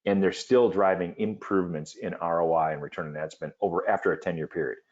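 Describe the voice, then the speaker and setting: A man's voice: low-pitched, fairly even intonation, fast talker, lo-fi sound. A man hosting a business webinar, speaking in a confident, emphatic salesman manner over a video call. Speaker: webinar host.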